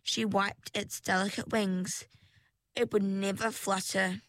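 A woman reading a storybook aloud in a slow, measured way. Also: medium pitch, level tone, fairly bright tone, no echo.

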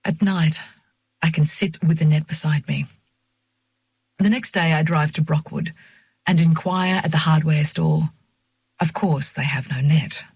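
A woman narrating a first-person novel in a measured, reflective reading voice on a close mic. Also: sits low, steady tone, a little mellow, husky, dry recording. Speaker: audiobook narrator.

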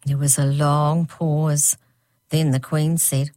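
A woman reads a children's story aloud in a measured, steady manner. Her voice is very low for a woman, recorded dry and close. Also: no echo. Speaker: audiobook narrator. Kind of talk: scripted storybook narration.

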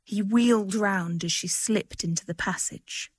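A woman reads a story aloud in a gentle, expressive way. Her voice sits at a middle pitch. The recording is dry and close, with no room sound. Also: a little slow, husky, no echo. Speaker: reader. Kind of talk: audiobook narration.

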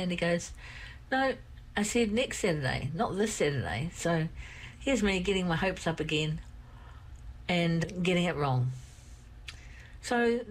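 An older woman with a croaky throat, telling a personal story in a rambling, candid way. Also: fairly low pitch, slight background noise, rough recording. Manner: rambling, candid, repeats herself. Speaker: vlogger.

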